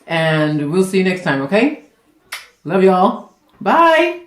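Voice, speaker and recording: A man with a somewhat high voice hosts a casual cooking vlog from a home kitchen. He rambles and laughs as he goes. The room echoes around him. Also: takes it slowly. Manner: chatty, rambling, laughs often. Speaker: cooking show host.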